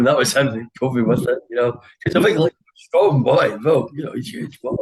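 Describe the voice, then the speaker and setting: A man's voice: mid-range voice, low-quality recording. A man in his sixties with an English accent, a former footballer telling dressing-room stories in a casual interview, full of laughs and quoted voices.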